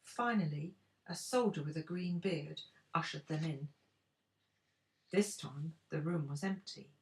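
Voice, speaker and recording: An older woman, a grandmother, reading a storybook aloud in an expressive, unhurried way. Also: deep voice.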